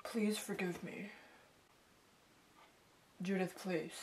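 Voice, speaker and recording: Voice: mid-range voice, fairly even intonation, normal speed, lightly acted. A student acting a hot-headed young man in an amateur comedy sketch, pleading and repeating names, recorded from a distance. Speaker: student actor in a class skit.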